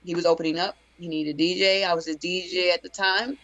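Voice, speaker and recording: A woman from Texas, a DJ, answering interview questions casually and telling stories in a relaxed way. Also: lowish voice, quick pace, no echo, muffled recording. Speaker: DJ and interview guest.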